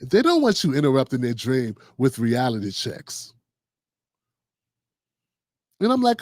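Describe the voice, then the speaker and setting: A man's voice: medium pitch, wildly swooping pitch, a little slow, pauses often, no echo, clean studio sound. A middle-aged man hosting a casual political commentary livestream, riffing loosely with slang and quoted voices. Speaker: host.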